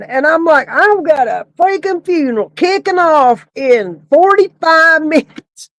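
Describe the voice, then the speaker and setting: High-voiced woman laughing through a story. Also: expressive, a little slow, no echo, poor audio. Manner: laughing often while telling the story. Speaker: funeral home worker. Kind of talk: casual comic storytelling.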